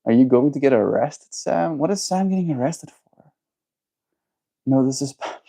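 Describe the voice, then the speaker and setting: Guy streaming and rambling with chat, thinking out loud, ordinary middle pitch. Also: lively intonation, normal speed, vocal fry. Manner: musing, reading and answering chat. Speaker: livestreamer. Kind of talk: casual livestream chat.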